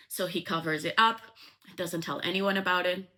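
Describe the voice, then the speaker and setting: A woman's voice: lowish voice, fairly even intonation, normal speed, bright, forceful tone. A woman casually retelling a novel's plot in a chatty way, full of likes and ums. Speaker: book explainer.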